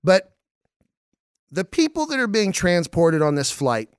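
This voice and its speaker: A man hosting a casual movie podcast, excitable, laughing often and stumbling over repeated words. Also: high voice, unhurried, smooth, no room sound, studio quality. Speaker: podcast host.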